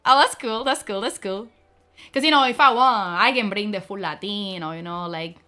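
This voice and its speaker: A woman streamer chatting casually to her viewers, talking fast and filling her speech with "like". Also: mid-range voice, sharp tone, faint music behind. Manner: fast-talking, full of "like" fillers. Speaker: streamer debuting a virtual avatar. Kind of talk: casual chat.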